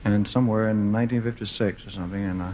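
A man's voice: fairly low pitch, steady tone, fast, dark tone, highs cut off, slight background noise. A man in his thirties from the southern United States with a Southern accent, a singer telling rambling, self-mocking stories on a concert stage with lots of fillers and restarts. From Memphis, southern United States. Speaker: singer performing live on stage. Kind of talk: joking stage banter between songs. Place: concert stage before a live audience.

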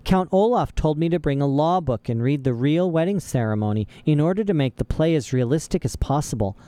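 A man voicing a fussy, excitable older woman judge in an audiobook, talking in a gushing, eager way. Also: a little high, fairly quick, no echo, voice pushed up, close to an everyday voice.

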